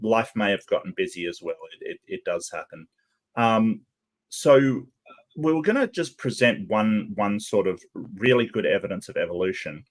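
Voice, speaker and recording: Man, English accent, low voice, rambling casual host. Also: expressive, moderate pace. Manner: rambling, conversational. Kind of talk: casual group chat.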